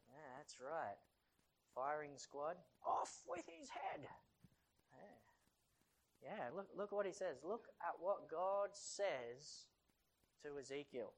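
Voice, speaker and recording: A preacher in mid-sermon with a middling pitch, switching between reading scripture verses aloud and casual explanation. Questions are thrown at the congregation, and the delivery climbs to loud, urgent pleading. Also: low-quality recording. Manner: reads King James verses aloud, then explains them in chatty asides; asks the congregation frequent questions.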